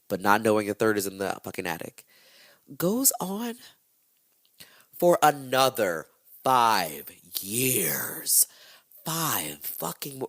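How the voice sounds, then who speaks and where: Profane, animated male podcast storyteller. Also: lowish voice, no room sound, studio quality. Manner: animated, profane, slangy, jokey asides. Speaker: podcast host. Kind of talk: comedic true-crime storytelling.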